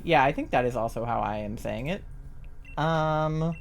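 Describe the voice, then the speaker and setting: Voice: mid-range voice, slow pace, creaky. Chatty streamer with mild Southern accent. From Southern United States. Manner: chatty, loose and swearing, often laughing. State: sore throat. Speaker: live streamer. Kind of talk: casual live-stream chat while gaming.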